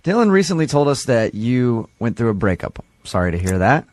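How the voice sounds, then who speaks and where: A man's voice: medium pitch, sing-song, fairly quick, a little mellow, dry recording. A man hosting a morning radio show, teasing and playful as he banters and makes a prank call.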